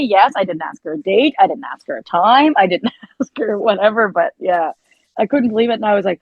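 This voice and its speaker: A woman guest chatting casually on a podcast, telling a story with lively quoted asides and frequent laughs. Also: medium pitch, brisk, husky, no room sound, highs cut off. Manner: animated storytelling, quotes herself, laughs often. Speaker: guest, country musician and teacher.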